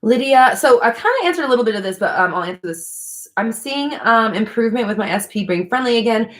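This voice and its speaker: A woman's voice: a little high, animated, quick pace. A woman hosting a livestream, answering viewer questions in a blunt, frank casual chat, swearing freely. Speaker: livestream host.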